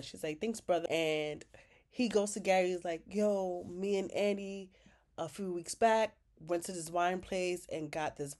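A woman's voice: medium pitch, darkish tone. A woman giving a casual, chatty recap of a TV episode, retelling scenes with quoted dialogue and sassy asides. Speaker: recap vlogger.

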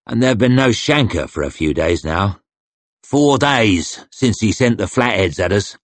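Man doing a gruff, sardonic warrior. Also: on the low side, animated, unhurried, no room sound. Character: sardonic, menacing male warrior.

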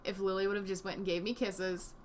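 A woman giving casual reaction commentary from home, indignant and animated, swearing often. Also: mid-range voice, a little fast. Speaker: commentary vlogger. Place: home room with desk and a dog nearby.

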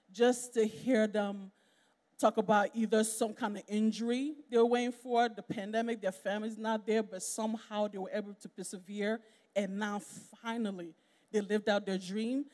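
Woman preacher, conversational sermon, animated, medium pitch, long hall reverb. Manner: conversational, animated, laughs with the congregation. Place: church sanctuary.

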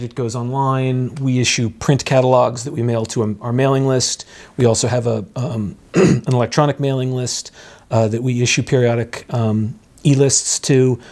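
A man's voice: mid-range voice, a little mellow. Hesitant man explaining rare book selling. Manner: hesitant, many fillers and restarts, explanatory. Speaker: rare book dealer, guest. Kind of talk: conversational interview.

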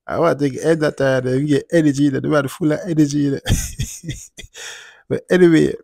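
A man's voice: a little high, steady tone, fast talker, gravelly, dark tone, dry recording, clean studio sound. A man hosting a casual commentary vlog, talking in a laid-back, drifting way and often tagging on "you see me". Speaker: channel host and commentator.

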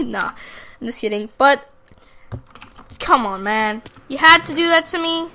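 Woman, bright tense voice, fairly high, excitable gameplay chatter, faint keyboard clicks. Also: a little slow, long pauses. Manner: rambling, excitable, talks to the audience and at opponents. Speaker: gaming YouTuber. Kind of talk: live gameplay commentary.

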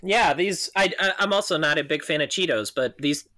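A man co-hosting a podcast, telling a story in a relaxed, casual way and laughing easily. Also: a little high, moderate pace. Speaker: podcast co-host. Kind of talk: casual chat.

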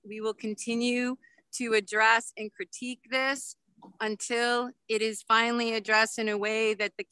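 A woman's voice: mid-range voice, pushed and bright, clean tone, no echo, poor audio. A woman giving public comment by video call, firm and insistent, with many fillers.

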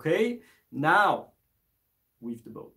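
A man teaching an instrument lesson on a live stream, speaking in a relaxed, hesitant way with many fillers and restarts. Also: fairly high pitch, slow, over music. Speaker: music teacher.

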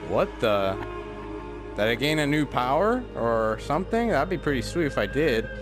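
A man's voice: mid-range voice, big pitch swings, moderate pace. A man giving casual let's play commentary, reacting with confusion, laughs and swearing. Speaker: gamer. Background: game music.

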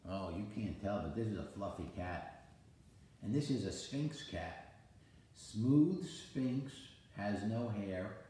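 An older man, a grandfather, playfully reading a picture book aloud to his grandchild, with sudden high exclamations. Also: takes it slowly, dark tone, heavy reverb, a little hiss or hum.

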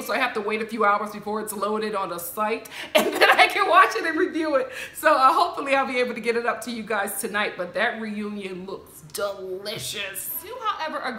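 A woman casually recapping a reality show, mimicking the cast members with bright put-on voices. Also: reverberant. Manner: animated, mimics the people she recaps in a higher voice. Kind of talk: casual commentary.

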